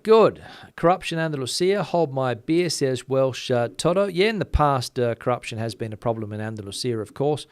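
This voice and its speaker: A man with a mild Australian accent rambles through viewer comments in a casual, quick, filler-heavy way. His voice sits at an ordinary middle pitch. The sound is close and dry. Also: dry recording. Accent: Australian, softened. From Western Australia. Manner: chatty, many fillers, talks fast. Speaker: channel host. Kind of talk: casual livestream chat reading comments.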